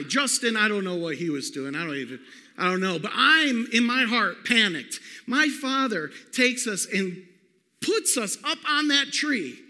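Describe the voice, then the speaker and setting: A man preaching a sermon, telling a personal story in an animated way and calling out to the congregation. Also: extremely high pitch, unhurried. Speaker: pastor. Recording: long hall reverb.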